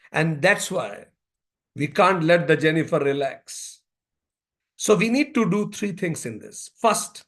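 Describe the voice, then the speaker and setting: A man giving a spiritual yoga talk at a symposium, telling stories and repeating key phrases deliberately. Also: high voice, fairly bright tone. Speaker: yoga speaker.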